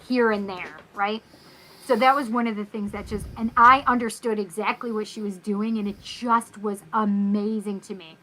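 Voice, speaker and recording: A woman from North America, a guest telling a personal story in casual, animated talk, acting out the voices in her quotes. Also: medium pitch, a little hiss or hum, low-quality recording.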